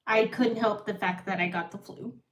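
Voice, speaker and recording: A woman's voice: medium pitch, steady tone, normal speed. A woman in her thirties telling a rambling story on a live stream, often breaking off and restarting. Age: 30s. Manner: rambling, self-interrupting. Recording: echoey room, far from mic.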